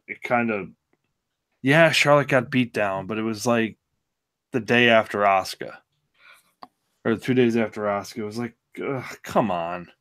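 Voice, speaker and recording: A man's voice: on the low side, fairly bright tone, clear, resonant tone. A man co-hosting a podcast in casual chat, laid-back and wry, hesitating with many ums. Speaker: podcast co-host.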